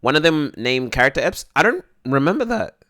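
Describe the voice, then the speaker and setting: A man's voice: on the high side, sing-song, brisk, sharp tone. A young man streaming live, chatting casually with his viewers and answering their questions in a rambling way full of fillers.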